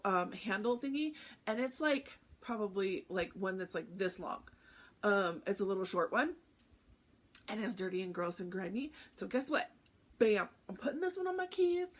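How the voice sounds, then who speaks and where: A woman with a fairly high voice chats casually as the host of a craft vlog. She talks in a candid, heartfelt way and often laughs. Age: adult with a teenage son. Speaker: cross-stitch vlog host.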